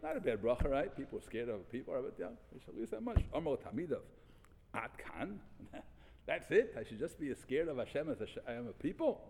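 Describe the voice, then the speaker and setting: Animated male Talmud teacher, lively pitch. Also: fast, big-room sound, a little hiss or hum. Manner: animated, translates and repeats phrases as he reads. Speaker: Torah teacher. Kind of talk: Talmud class.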